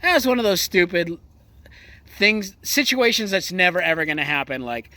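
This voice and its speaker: A man's voice: sits high, expressive, normal speed, sharp tone, dry recording. Crude, sarcastic male ranting vlogger. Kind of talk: casual political rant. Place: outdoors near a horse.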